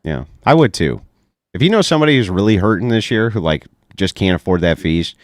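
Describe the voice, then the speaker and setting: A man with a very low, deep radio voice that still swings widely in pitch as he hosts a live online debate. He is calm and probing. The sound is close and dry. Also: a little fast, dry recording. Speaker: debate host.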